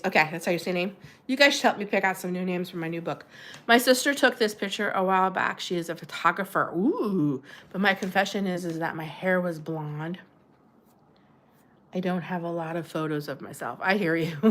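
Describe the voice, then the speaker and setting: A woman's voice: fairly low pitch, fairly bright tone. A middle-aged woman hosting a casual livestream, chatting and giggling as she answers viewers' comments. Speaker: livestream host.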